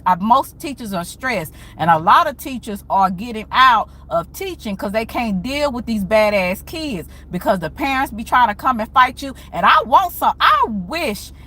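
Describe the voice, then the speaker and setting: A woman teacher telling a story to viewers in a blunt, animated way, with slang and cursing. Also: fairly high pitch, measured pace, hardly any pauses, poor audio. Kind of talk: casual storytelling rant to viewers.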